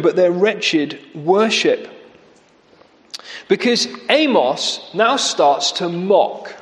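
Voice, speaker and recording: A man preaching a sermon. He speaks with sarcasm and mocks his quoted lines by lifting his voice. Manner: sarcastic, mocking quotes with rising pitch. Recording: echoey hall.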